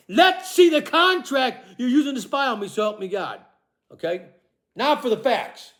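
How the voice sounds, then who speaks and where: Man, very high voice, furious profane vlog rant, shouts then mutters, constant "okay?" tags. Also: big pitch swings, normal speed. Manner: profane, accusatory, repeats "okay?" and "all right?" tags; swings between shouting and low muttering. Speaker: vlogger. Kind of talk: angry confrontational monologue.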